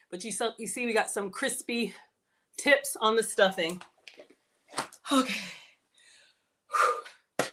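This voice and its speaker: A woman's voice: a little high, fairly bright tone. A woman chatting casually while hosting a live cooking stream, reading viewer comments aloud and laughing often. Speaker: livestream cooking host.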